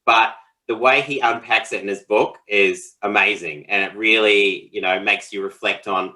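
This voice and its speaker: A man co-hosting a podcast, talking in a relaxed, rambling conversational way and laughing often. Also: lowish voice, normal speed, few pauses, low-quality recording. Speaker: podcast co-host. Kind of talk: casual conversational podcast chat.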